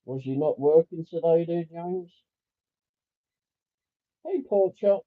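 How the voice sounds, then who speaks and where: A man's voice: a little high, slow pace. A man hosting a casual livestream, reading out viewer comments and chatting in a rambling way with lots of fillers. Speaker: livestream host. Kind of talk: casual live-stream chat, reading viewer comments aloud. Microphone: headphone mic. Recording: tinny phone-like sound.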